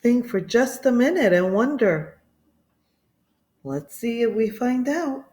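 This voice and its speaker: A woman reading a children's picture book aloud, expressive and asking listeners questions. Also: fairly high pitch, slow. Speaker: storybook reader. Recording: echoey room.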